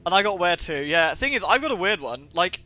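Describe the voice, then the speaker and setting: Faint music sits behind a high, very animated male voice that's a little fast, bright and forceful. The speaker, from southwest England with a Somerset-Birmingham blended accent, is casually chatting on a home game stream, rambling and swearing freely.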